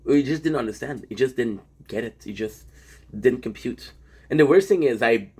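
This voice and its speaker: Husky, rambling man swearing freely. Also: medium pitch, moderate pace. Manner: rambling, profane, animated storytelling. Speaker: streamer. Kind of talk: casual vlog monologue.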